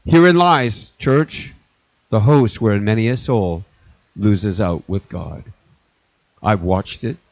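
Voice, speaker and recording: A man's voice: lowish voice, takes it slowly, pauses often, a little mellow. A middle-aged male pastor preaching a sermon, earnest and repetitive, circling back to restate his points. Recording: dull lo-fi recording.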